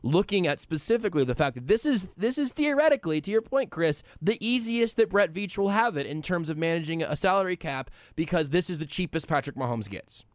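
A man's voice: high voice, animated, brisk, hardly any pauses, no echo. A man hosting a sports radio call-in show in a studio, analyzing the game casually and often restarting his sentences. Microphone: studio microphone.

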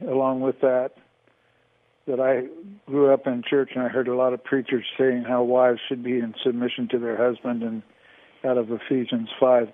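An elderly man in his eighties, a radio guest, speaking in a measured, plain storytelling way over a phone line. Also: mid-range voice, no echo. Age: 80s. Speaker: guest, the host's father.

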